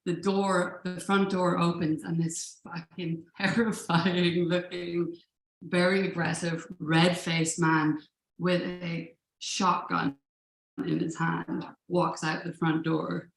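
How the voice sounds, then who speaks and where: A woman's voice: on the low side, flat delivery, slow pace, creaky. A woman telling a personal story at a live event, in a casual, profane manner with frequent laughs. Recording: roomy live room echo.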